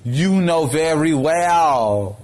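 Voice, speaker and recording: A man ranting in a gossip commentary vlog, brash and profane, with a sassy, sharp-tongued delivery. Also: fairly high pitch, animated, drawn-out words, soft background music.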